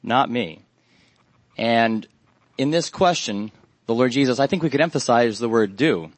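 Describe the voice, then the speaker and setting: A man preaching a Bible study sermon in a measured, earnest way, pausing often with fillers. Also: mid-range voice, expressive, no room sound.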